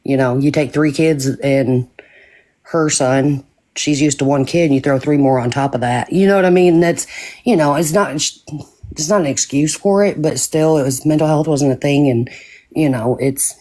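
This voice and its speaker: A woman's voice: extremely low pitch, normal speed, dark tone. A middle-aged woman and mother chatting casually, blunt and swearing freely. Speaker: mother in a group chat. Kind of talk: casual chat.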